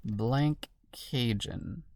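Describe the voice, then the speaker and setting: Woman with a very deep, slow voice, quietly mulling crossword clues to herself. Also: creaky, slight background noise. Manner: muttering to herself, musing and questioning. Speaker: crossword solver. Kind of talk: thinking aloud while solving a puzzle.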